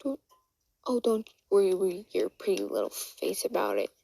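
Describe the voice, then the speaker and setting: A woman's voice: mid-range voice, sing-song, normal speed, vocal fry, dark tone. A woman voicing a cruel, gloating male mad doctor, mocking a captive child in a fan story she tells. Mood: taunting.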